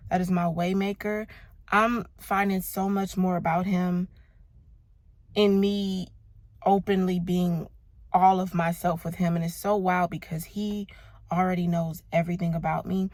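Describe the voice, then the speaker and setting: A woman's voice: fairly low pitch, a little mellow, dry recording. A woman in her thirties from Los Angeles, talking casually and emphatically about her faith and her year, calling listeners "baby" and "y'all". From Los Angeles, United States. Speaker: vlogger.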